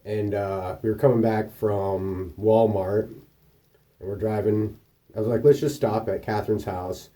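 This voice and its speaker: A man's voice: on the low side, a little slow, distant mic. A man casually vlogging, telling rambling, profane stories about his week and acting out the people in them. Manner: profane, rambling anecdotes with animated quoted voices. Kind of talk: casual storytelling monologue.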